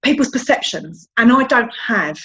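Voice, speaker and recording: A woman's voice: a little high, animated, normal speed, sharp tone. Guest, woman, South London accent, chatty and candid, self-deprecating, slightly muffled recording. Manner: chatty, frank, self-deprecating, repeats words. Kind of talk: candid interview chat.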